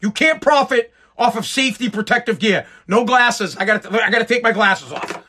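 Very high-pitched ranting sarcastic man. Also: expressive, moderate pace, bright, forceful tone, slightly rough. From United States. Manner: sarcastic, mocking, profane. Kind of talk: profane live-stream rant.

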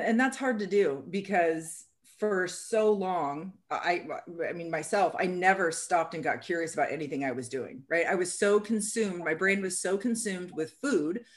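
A woman co-hosting a casual conversation, candidly telling personal stories and acting out what people said. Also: fairly low pitch. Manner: candid, storytelling, acts out quotes.

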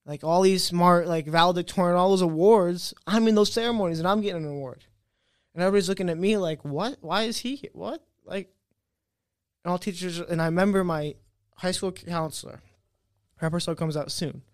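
A man's voice: high-pitched, fast, smooth, no room sound, clean studio sound. A young man guest in a casual interview, telling his story with energy and acting out the voices of people he quotes. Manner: animated, acts out quoted voices.

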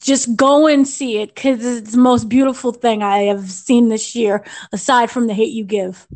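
A woman's voice: on the high side, fairly even intonation, moderate pace, a little mellow. A young American woman reviewing a film on a podcast, gushing and rambling with restarts and fillers. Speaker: entertainment editor reviewing a film.

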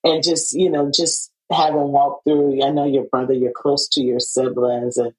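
Low-pitched woman host, lots of "um" and "you know", gets lively and laughs a lot, chatty interview. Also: normal speed, low-quality recording. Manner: animated, laughing, many fillers and restarts. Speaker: podcast host. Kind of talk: casual interview chat.

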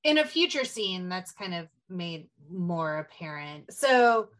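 A woman co-hosting a casual film recap, telling the scenes in an animated way with casual swearing. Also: lowish voice, slow. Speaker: podcast co-host.

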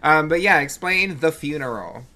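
A man's voice: a little high, expressive, normal speed, sharp tone, a little hiss or hum. A man hosting a podcast, chatting casually and animatedly, swearing freely and laughing often. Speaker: podcast host.

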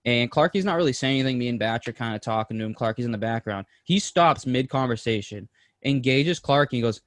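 A man co-hosting a podcast, telling a story in an excited, animated way with plenty of slang and swearing. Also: mid-range voice, fast talker, no room sound, clean studio sound. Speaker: podcast co-host. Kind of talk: casual storytelling chat.

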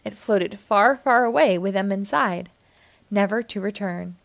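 A woman narrating a children's storybook aloud, with an expressive, clear delivery. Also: mid-range voice, measured pace, no echo. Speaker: children's book reader.

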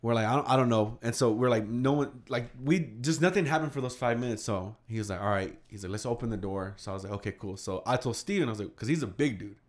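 A young man telling a story casually among friends, animated and swearing, acting out the quotes. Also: medium pitch, fast, few pauses.

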